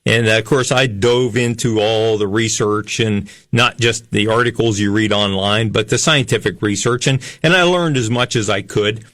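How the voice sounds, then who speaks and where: A man in his fifties hosting a health talk show, speaking earnestly and haltingly with frequent pauses. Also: on the low side, steady tone, a bit bright, dry recording, studio quality. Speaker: health show host, chiropractor. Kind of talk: radio health talk monologue.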